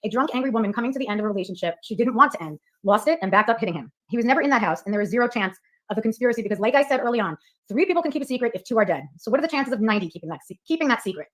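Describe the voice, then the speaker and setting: A woman's voice: a little high, animated, very fast. A woman reading scripted commentary in a firm, argumentative way, posing rhetorical questions.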